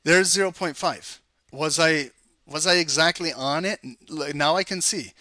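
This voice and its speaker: Energetic male trading coach, bright and fairly high voice, close dry sound. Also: moderate pace, no echo. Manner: energetic, chatty, teasing the audience. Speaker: trading educator. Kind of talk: live market analysis walkthrough.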